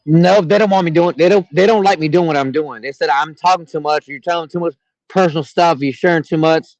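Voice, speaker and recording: A man's voice: on the high side, fairly quick, dry recording. Candid man in a lo-fi interview. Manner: candid and rambling, repeats his words. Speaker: guest. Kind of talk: casual chat. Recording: dull, lo-fi sound.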